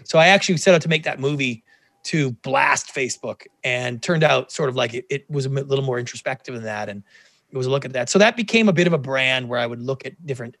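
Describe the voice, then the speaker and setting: A middle-aged man, a television producer guest in an interview, telling stories in a lively way and acting out the quoted dialogue. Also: medium pitch, fast, no echo. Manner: animated, acts out quoted dialogue. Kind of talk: casual interview storytelling.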